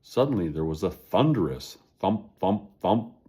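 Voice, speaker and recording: Male narrator for a children's chapter book; low, husky, expressive read. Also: measured pace. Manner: expressive reading aloud. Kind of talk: storybook narration.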